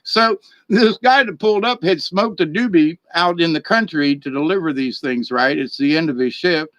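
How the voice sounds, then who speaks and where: A man's voice: fairly high pitch, moderate pace, a bit bright, dry recording, dull audio. Rambling man telling a story. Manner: rambling, chuckling, repeats words. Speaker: vlogger. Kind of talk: casual storytelling.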